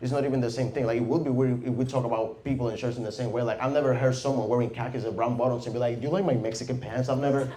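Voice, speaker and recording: A young man with a Venezuelan Spanish accent doing a stand-up set in a deadpan, mumbling, self-deprecating way. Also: mid-range voice, rapid-fire, hardly any pauses. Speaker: stand-up comedian. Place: comedy club stage with audience. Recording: roomy club sound with faint noise.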